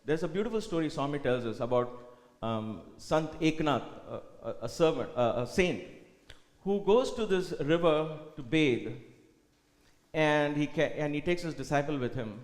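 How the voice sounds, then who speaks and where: A man gives a spiritual talk at a retreat, carrying his stories along with earnest, animated delivery. His voice sits somewhat high for a man. The sound comes back from a reverberant hall with a long, echoing tail. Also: normal speed. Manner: earnest, animated storytelling with quoted dialogue.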